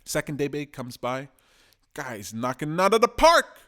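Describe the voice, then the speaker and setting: A man, giving excitable, rambling political commentary for a video blog and often tacking on "man". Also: fairly high pitch, a little slow. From Canada.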